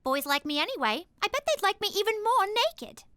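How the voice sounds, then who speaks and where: A woman's voice: extremely high pitch, big pitch swings, fairly quick, bright, forceful tone, dry recording, exaggerated voice. A woman voicing a bratty, dramatic teenage daughter in an adult cartoon. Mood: whining. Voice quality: whiny, bratty.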